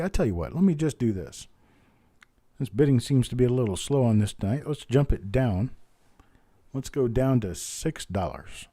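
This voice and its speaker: Dude hosting a live coin auction, calling bids fast and chatting with folks, super dark mellow voice, bit worn out. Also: male voice, mid-range voice. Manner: rattles off bid calls fast, chats with viewers by name. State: voice strained from talking.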